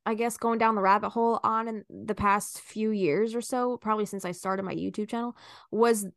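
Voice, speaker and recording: A woman's voice: mid-range voice, steady tone, normal speed, a bit bright, no echo, studio quality. A woman co-hosting a casual podcast, telling nostalgic stories and laughing easily. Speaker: podcast co-host. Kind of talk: casual chat.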